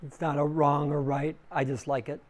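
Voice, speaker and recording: A man's voice: little pitch movement, normal speed. A man teaching yoga breathing to a small group in a room, casual and conversational, taking questions from listeners. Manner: casual and conversational, acts out inner voices loudly with big pitch jumps. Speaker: yoga teacher giving a dharma talk. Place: small room with a live audience.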